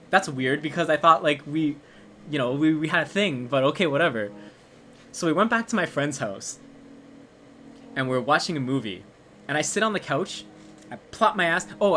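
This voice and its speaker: A young adult streamer casually telling a story while crafting at home, animated and laughing, with plenty of swearing and filler words. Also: mid-range voice, slight background noise.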